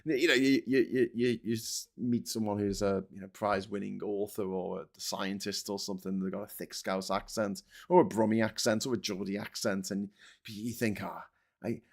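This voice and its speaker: A man's voice: lowish voice, steady tone, normal speed, creaky. A man with a Liverpool accent hosting a live-stream political chat, ranting with stammering restarts and swearing. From England. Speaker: livestream host.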